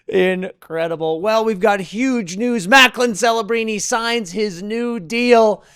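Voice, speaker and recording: High-voiced hype podcast host, a man. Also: slow pace, few pauses, clean tone, dry recording, clean studio sound. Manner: energetic, crude joking banter. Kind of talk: casual hockey podcast chat.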